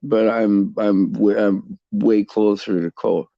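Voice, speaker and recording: A middle-aged man hosting a casual faith talk for viewers, halting and repeating words as he restarts his sentences. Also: on the low side, steady tone, vocal fry, dry recording, muffled recording. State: tearful at times. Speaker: host.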